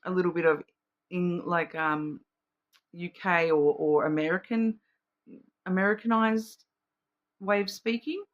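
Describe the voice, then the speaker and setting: A woman's voice: lowish voice, a little slow, long pauses, highs cut off. Rambling Australian woman reading cards. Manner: rambling, hesitant, many fillers and restarts. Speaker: card reader. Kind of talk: casual intuitive card reading.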